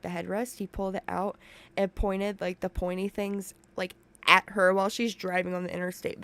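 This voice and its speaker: A woman commenting on a livestream while she recounts a painful family memory, talking in an emotional, profane, rambling way from a room at home. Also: medium pitch. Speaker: commentary streamer. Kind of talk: casual reaction commentary. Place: home room with open window.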